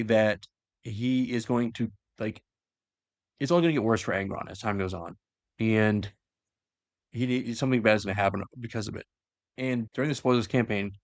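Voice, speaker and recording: A man's voice: lowish voice, dry recording, clean studio sound. A man casually retelling a story in a loose, rambling way with many fillers. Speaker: lore explainer. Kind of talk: casual lore chat.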